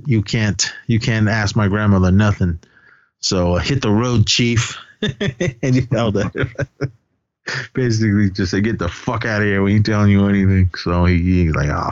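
Low-voiced man recapping a movie. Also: no echo. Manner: retells scenes with quoted lines and laughs. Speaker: podcast co-host. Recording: dull lo-fi podcast audio.

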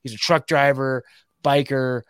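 A man's voice: mid-range voice, steady tone, unhurried, clear, resonant tone, no room sound, studio quality. A man hosting a casual podcast chat, laid-back, saying "dude" and "like" a lot. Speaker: podcast host.

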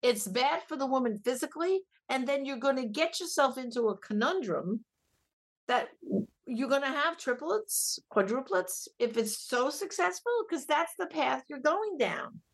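A middle-aged woman who directs a pro-life ministry appears as a guest on a radio talk show, speaking emphatically and telling animated stories. Her high-pitched voice is expressive and slightly rough, at a moderate pace.

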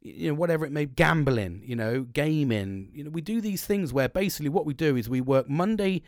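A man's voice: a little high, animated, fairly quick, dry recording, clean studio sound. A middle-aged British man chatting on a podcast, rambling and blunt, with frequent swearing. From Britain. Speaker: podcast co-host. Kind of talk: casual chat.

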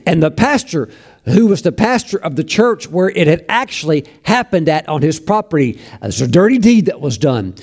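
Fervent preacher man with a warm voice. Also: a little high, very animated, normal speed, breathy edge. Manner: fervent, emphatic, with exclamations of praise. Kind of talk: sermon storytelling.

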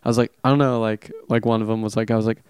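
Rambling, playful young man, smooth voice. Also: fairly low pitch, level tone, rapid-fire, darkish tone, no room sound, clean studio sound. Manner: rambling storyteller, playful, laughs often. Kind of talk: casual chat.

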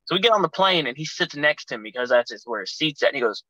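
A man's voice: on the high side, animated, fast talker, few pauses, sharp tone, dry recording, dull audio. A man telling rowdy, profane road stories as a guest on a casual podcast. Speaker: guest, pro wrestler.

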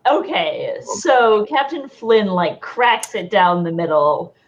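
Slow, lively woman running a tabletop game. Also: mid-range voice, dull audio. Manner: relaxed, halting narration full of fillers. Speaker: game master.

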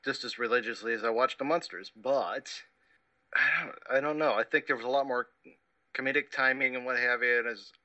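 A man co-hosting a podcast in casual chat, teasing his friend and laughing easily, with halting phrases. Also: medium pitch, pushed and bright, dull audio. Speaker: podcast co-host.

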